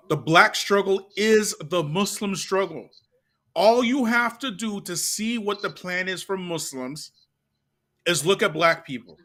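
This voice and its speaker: A man from Canada hosting a channel, telling stories in an animated, chatty way with "you get me" asides. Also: sits high. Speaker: channel host. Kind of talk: casual commentary and storytelling.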